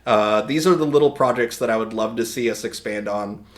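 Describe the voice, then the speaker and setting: Slightly hoarse man chatting on stream. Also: medium pitch, fairly quick. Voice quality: rambling, many restarts and repeated words. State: a little hoarse. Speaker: livestream host. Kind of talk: casual stream chat.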